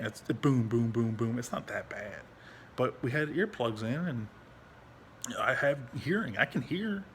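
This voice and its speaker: A man's voice: mid-range voice, slight background noise. Frustrated young man rambling into his phone. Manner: frustrated, rambling, heavy swearing; halting, restarts often. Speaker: veteran vlogger. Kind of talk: candid personal vlog. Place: at home.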